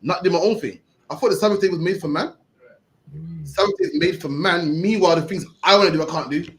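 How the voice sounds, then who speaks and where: A man's voice: fairly high pitch, fast talker, low-quality recording. A man teaching scripture in slangy, emphatic street talk, ending his phrases with "man". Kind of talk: animated teaching with questions.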